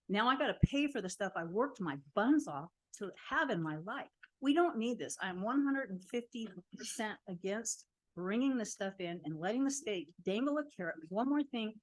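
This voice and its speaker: Woman at the podium during public comment, heated and animated, mid-range pitch. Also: brisk. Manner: animated storytelling, indignant. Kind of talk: public comment at a council meeting.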